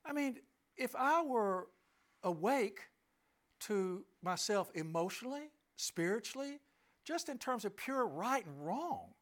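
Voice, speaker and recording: A man's voice: high voice, very animated, unhurried, fairly bright tone. A middle-aged man telling a personal story to an audience, emphatic and asking listeners rhetorical questions. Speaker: speaker addressing an audience.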